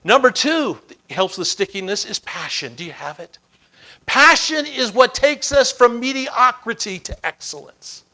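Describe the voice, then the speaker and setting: A man giving a motivational keynote speech, telling stories with dramatic, repeated emphasis that swings from loud to hushed. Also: very high voice, expressive, unhurried. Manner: dramatic storytelling with emphatic repetition. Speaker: keynote speaker.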